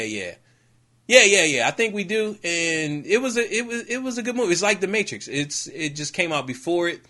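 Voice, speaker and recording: A man co-hosting a podcast in relaxed, slangy chat, laughing often and getting animated when telling stories. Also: medium pitch. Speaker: podcast co-host. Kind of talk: casual chat.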